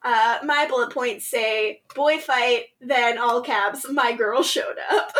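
A woman co-hosting a podcast, casually recapping episodes, animated and laughing often as she acts out quotes. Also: fairly high pitch, takes it slowly. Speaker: podcast co-host.

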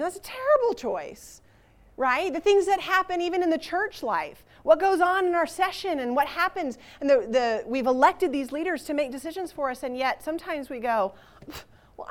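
A woman teaching a Bible passage to a church group in a conversational, animated way, with rhetorical questions. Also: sits high.

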